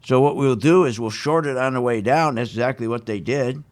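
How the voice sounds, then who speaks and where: A man's voice: medium pitch, a little fast. A man hosting a live radio show about investing, ranting with emphatic repetition and a sarcastic, mocking edge.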